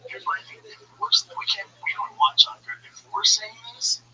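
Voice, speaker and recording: Livestream host, male, bright sharp tone, stammering profane rambler. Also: moderate pace, recorded from a distance, rough recording. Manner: rambling, profane, repeats himself; stammering restarts. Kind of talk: casual livestream chat.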